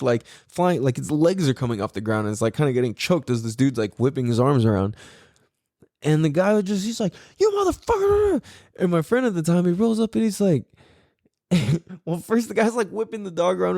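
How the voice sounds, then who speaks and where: A man's voice: medium pitch, creaky, mellow, no room sound, clean studio sound. A man in his forties, hosting a podcast, telling a story in a casual, profane way and laughing often. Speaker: podcast host.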